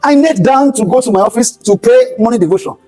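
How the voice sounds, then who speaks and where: A man's voice: very high-pitched, expressive, fast talker, warm tone, soft background music, low-quality recording. A Nigerian man, a pastor, giving an emphatic motivational talk at a skills bootcamp, repeating his key phrases for weight. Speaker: pastor and speaker. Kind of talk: motivational talk with sermon-like storytelling. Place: event hall at a skills bootcamp.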